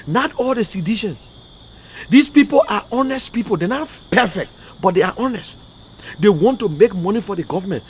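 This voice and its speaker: Liberian guy ranting on his livestream show, high pitched, fired up and emotional, faint hiss behind. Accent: Liberian English. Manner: emotional, fiery, repetitive outbursts. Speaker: online talk show host. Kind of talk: impassioned livestream commentary.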